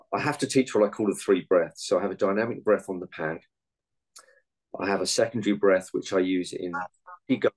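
Deep-voiced man explaining earnestly. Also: rough recording. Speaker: meditation and martial arts coach. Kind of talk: interview answers.

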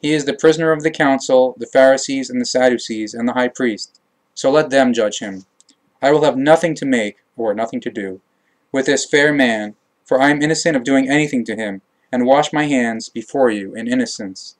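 A man's voice: medium pitch, moderate pace, close to an everyday voice. A man reading the part of a reluctant, exasperated Roman governor, with raised, indignant questions. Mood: resigned.

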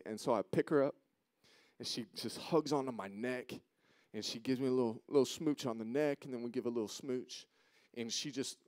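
A man in his thirties giving a sermon as a guest speaker, telling a personal story with emotion, dropping to a hush and then rising to loud, pleading questions. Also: medium pitch, no echo, clean studio sound. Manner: emotional, swings from hushed to loud. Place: church auditorium.

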